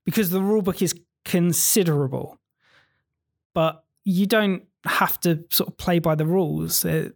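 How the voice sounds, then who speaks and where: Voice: mid-range voice, normal speed, gravelly, darkish tone. A teacher chatting casually on a podcast, earnest and rambling, often restarting sentences. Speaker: secondary school teacher.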